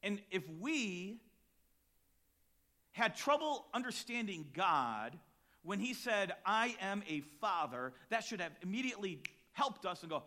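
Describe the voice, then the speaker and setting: A male pastor delivering a sermon with a lively, wide-ranging delivery and a bright, forceful tone. He moves between hushed reflection and loud, punchy emphasis, fitting in personal stories along the way. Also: sits high, a little slow. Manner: dynamic preaching, swings between quiet and loud emphatic lines; storytelling with acted quotes and chuckles.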